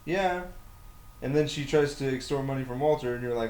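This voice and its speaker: A man's voice: medium pitch, brisk, darkish tone. A man co-hosting a casual podcast chat, blunt and opinionated, arguing his points back. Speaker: podcast co-host. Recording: echoey room, faint background noise.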